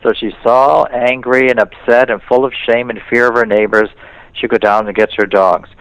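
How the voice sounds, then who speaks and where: A man's voice: medium pitch, steady tone, normal speed, a bit bright, clear, resonant tone, dry recording, highs cut off. A man, a priest, giving a spiritual talk in an interview and telling stories in which he quotes other people. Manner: storytelling, slips into quoted voices.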